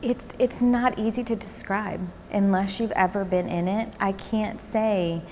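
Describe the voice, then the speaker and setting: A woman recounting her own experience in a documentary interview, speaking haltingly with fillers and restarts. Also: mid-range voice, fairly even intonation, darkish tone, a little hiss or hum.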